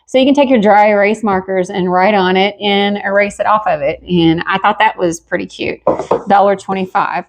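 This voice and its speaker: A woman's voice: mid-range voice, steady tone, moderate pace. A woman hosting a pottery channel, talking casually with lots of fillers and sounding a bit out of breath. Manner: chatty, homey, many fillers. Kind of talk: casual haul vlog.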